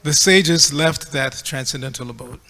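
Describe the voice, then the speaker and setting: A man's voice: medium pitch, moderate pace, gravelly, sharp tone, big-room sound. A man giving a scripture class, reading aloud and correcting pronunciation in a teacherly way. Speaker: class speaker. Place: temple hall.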